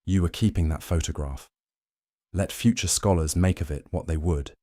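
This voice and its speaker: A man narrates a sleep history story in a calm, measured way. His voice sits low and warm, with a dark, soft tone. The recording is close and dry, with no room sound. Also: no room sound. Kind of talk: scripted second-person bedtime history narration.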